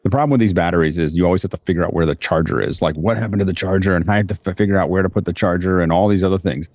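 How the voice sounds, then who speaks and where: A man's voice: low voice, steady tone, rapid-fire, a little mellow, no room sound. A man on a tech podcast panel, chatting casually about gear in a rambling way with many restarts.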